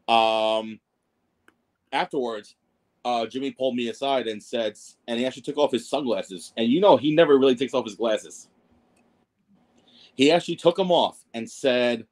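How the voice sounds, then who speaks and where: Man, podcast guest, casual storytelling, rambling, self-deprecating, frequent fillers, medium pitch. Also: moderate pace, pauses often. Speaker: podcast guest, wrestling ring announcer.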